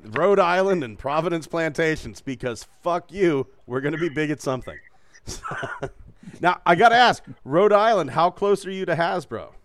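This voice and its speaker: Guy hosting a podcast, bit high voice, super dry sound, swears and jokes a lot. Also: lively intonation, moderate pace, a bit bright, dry recording. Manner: profane, joking, laughs a lot. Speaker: host. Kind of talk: casual podcast chat.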